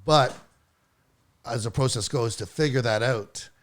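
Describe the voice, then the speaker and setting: A man's voice: medium pitch, unhurried. A man co-hosting a podcast in casual chat, rambling through his points and laughing between phrases. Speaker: podcast co-host.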